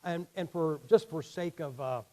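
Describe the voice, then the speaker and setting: A man's voice: on the high side, moderate pace, mellow, rough recording. A man in his sixties preaching a sermon in a blunt, folksy, emphatic way, his damaged vocal cords leaving him short of air at the ends of sentences.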